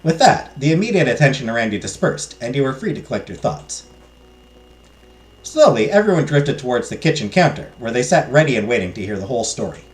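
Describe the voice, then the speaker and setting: A man's voice: mid-range voice, big pitch swings, fast talker, reverberant, soft background music. A man from Canada narrating a second-person story with chatty asides. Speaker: audio drama narrator.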